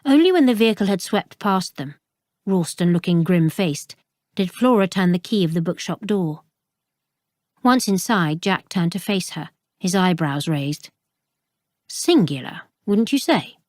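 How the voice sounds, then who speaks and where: A woman's voice: fairly low pitch, expressive, normal speed, darkish tone, no echo, clean studio sound. Woman narrating a mystery audiobook. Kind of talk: scripted narration.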